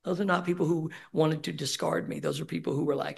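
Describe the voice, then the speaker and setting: A man's voice: on the high side, steady tone, fast talker, vocal fry, hardly any pauses, slightly rough. A middle-aged man giving a candid, emotional personal share at a recovery meeting, swearing casually. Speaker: speaker sharing at a recovery meeting. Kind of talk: personal share at a support group. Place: meeting room.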